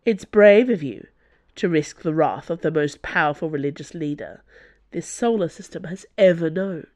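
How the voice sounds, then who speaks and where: A woman voicing a scheming, silver-tongued male noble held prisoner, speaking in a measured, wistful way. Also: low-pitched, a little mellow, natural voice.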